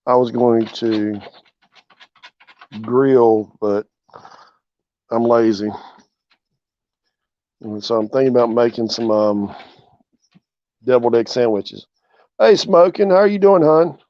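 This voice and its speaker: A man's voice: medium pitch, takes it slowly, pauses often, dry recording. A laid-back man with a drawl chats casually on a livestream from his porch. He greets viewers by name as they arrive. The sound is dry and close, with a dull, lo-fi quality. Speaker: channel host. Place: outdoors on a porch.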